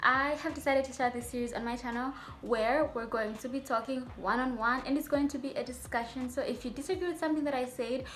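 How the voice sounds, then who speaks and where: A woman's voice: sits high, fairly even intonation, quick pace, hardly any pauses, a bit bright, soft background music. A young adult woman, a medical student vlogger, talking to her viewers in a chatty, rambling way with playful asides. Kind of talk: casual vlog talk to viewers.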